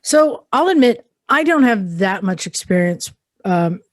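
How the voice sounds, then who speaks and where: A woman co-hosting a motorcycle podcast, chatting casually and thinking out loud with many pauses and ums. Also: medium pitch, very animated, dry recording, clean studio sound. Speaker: podcast co-host. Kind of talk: casual chat.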